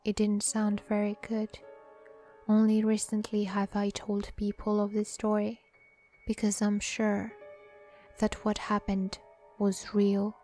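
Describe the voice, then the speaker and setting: A woman narrating a horror story in a soft, hushed voice that often sinks into a whisper. She reads slowly and evenly, with a dark, mellow tone. Faint music plays behind her. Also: mid-range voice, completely flat delivery.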